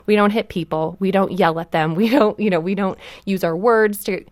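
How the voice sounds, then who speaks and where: A woman's voice: mid-range voice, steady tone, moderate pace, no echo. A woman in her thirties, a guest on a radio talk show, explaining parenting ideas earnestly with casual fillers. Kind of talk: conversational radio interview.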